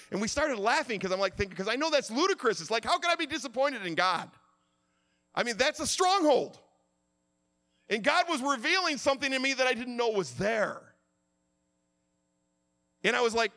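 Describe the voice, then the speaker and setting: A middle-aged male pastor preaching a sermon, swinging from quiet confession to impassioned shouting. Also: very high-pitched, very animated, normal speed, long pauses.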